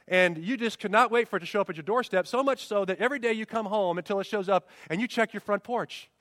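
A man's voice: high voice, fast talker, a bit bright, no echo, studio quality, in a large hall. A man preaching a sermon as pastor, emphatic, with rhetorical questions and repeated refrains.

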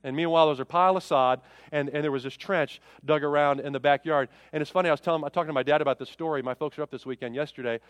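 A man's voice: a little high, steady tone, rapid-fire, no echo, big-room sound, lo-fi sound. A middle-aged man preaching a sermon as pastor, with impassioned rhetorical questions that rise and fall.

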